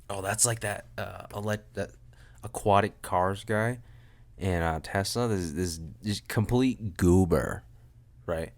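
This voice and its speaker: A man's voice: on the low side, steady tone, takes it slowly. A young man hosting a solo podcast from home, rambling and joking at his own expense, often trailing off and restarting. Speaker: podcast host. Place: room at home with a loud air conditioner.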